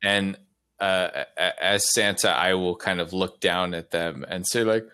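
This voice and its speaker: A man's voice: sits low, steady tone, a little slow, sharp tone, clear, resonant tone, dry recording. A man playing in a tabletop game, talking casually and restarting his phrases. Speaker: player.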